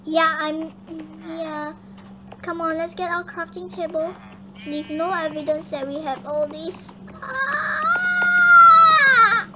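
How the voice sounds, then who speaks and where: A young girl hosting her gaming channel, chatting excitably and bossing her teammate around. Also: high-pitched, unhurried. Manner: excitable, chatty, bossy toward her partner. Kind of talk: casual gameplay chat. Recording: noisy home recording.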